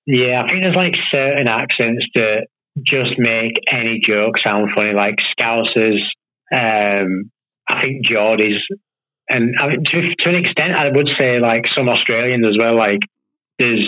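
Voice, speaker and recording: A man's voice: mid-range voice, phone-quality sound. A man from the UK, a guest comedian, chatting in a laid-back way with lots of fillers over a remote call. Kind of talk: casual chat interview.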